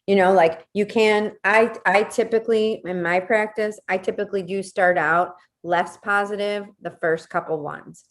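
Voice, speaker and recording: A woman's voice: medium pitch, fairly even intonation, normal speed, few pauses. A woman leading a casual workshop, talking conversationally, repeating words and checking in with "right?". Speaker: workshop leader.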